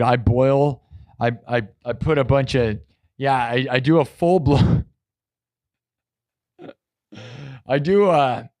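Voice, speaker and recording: Talking straight to his chat, this live-streaming musician has a mid-range, slightly mellow voice. His talk is rambling and jokey, and the recording is dry.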